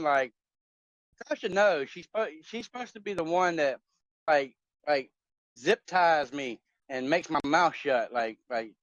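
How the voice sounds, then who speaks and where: A man's voice: on the high side, expressive, a little slow, a bit bright, no room sound. Rambling man in his forties on a phone. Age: 40s. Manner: rambling, many fillers and restarts. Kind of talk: casual chat. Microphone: phone on a voice chat app. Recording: dull lo-fi phone audio.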